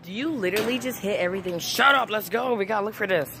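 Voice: mid-range voice, quick pace, bright, forceful tone, slight background noise. A speaker improvising a playful toy story, jumping between silly character voices. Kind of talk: improvised toy play voicing.

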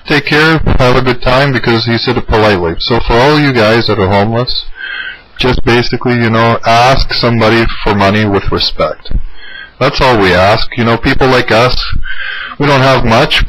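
A man hosting a mock news commentary, joking and mock-solemn, laughing often. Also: mid-range voice. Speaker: comedy host. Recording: noisy home recording.

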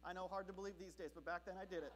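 A man from Southern California preaching a sermon as pastor, telling a story in an animated, comic way. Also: high-pitched, racing, a little hiss or hum.

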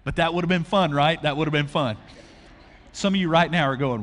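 A man's voice: a little high, fairly quick, fairly bright tone. A man preaching a conversational sermon to a church audience, asking them questions directly. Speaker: pastor. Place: large church auditorium. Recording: long hall reverb.

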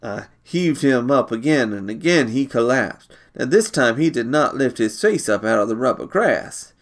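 A man reading a short story aloud, measured and unhurried. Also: medium pitch, animated.

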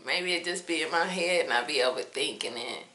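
A woman speaking softly and reflectively in a candid, confessional monologue to her viewers. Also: low-pitched, expressive. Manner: soft-spoken, slow and reflective. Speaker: vlogger sharing personal reflections. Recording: roomy echoey room.

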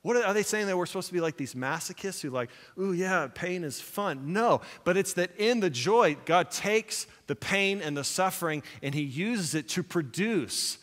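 Lively preacher man in an echoing church. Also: high voice, normal speed, few pauses. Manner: animated storytelling, retells film scenes with quoted lines. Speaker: pastor. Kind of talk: sermon. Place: church sanctuary.

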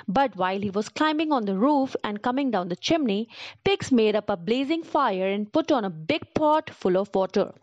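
A woman narrating a children's story in an animated, expressive storytelling way. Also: mid-range voice, moderate pace. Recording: dull lo-fi recording.

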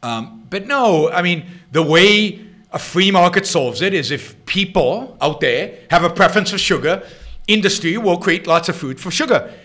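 Answering listener questions on his own show, this Israeli-accented, middle-aged host speaks in a high, animated voice with a fairly bright tone at a moderate pace. His off-the-cuff commentary is emphatic and full of restarts and repetition.

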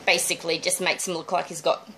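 A woman's voice: lowish voice, little pitch movement, fast talker, pushed and bright, slight background noise, poor audio. A middle-aged woman, chatting through a balloon twisting demonstration step by step. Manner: chatty, friendly step-by-step instructions. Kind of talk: casual demonstration tutorial.

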